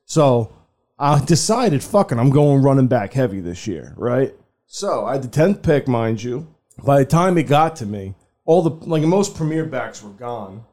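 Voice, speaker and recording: Podcast co-host, male, dark mellow tone, loose profane banter. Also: medium pitch, sing-song, measured pace. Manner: loose, profane, laughs often. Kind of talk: casual sports podcast chat.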